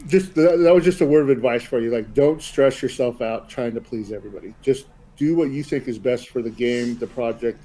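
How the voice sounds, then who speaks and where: A man's voice: medium pitch, brisk, few pauses, dark tone, poor audio. A man hosting a casual podcast, talking in an easygoing, rambling way full of fillers as he hands out advice. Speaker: podcast host.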